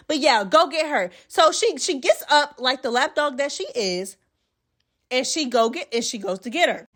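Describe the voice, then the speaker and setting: A woman hosting a casual reality TV recap vlog, sassy and expressive, full of slang and talking straight to her viewers. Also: sits high. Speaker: host of a reality TV recap channel.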